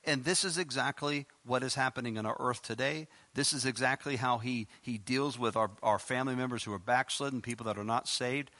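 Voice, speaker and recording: A male preacher delivers a sermon in a bright, forceful voice. He reads scripture passages aloud with rising emphasis and breaks in with rhetorical questions. He ends in a spoken prayer. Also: mid-range voice, brisk, few pauses.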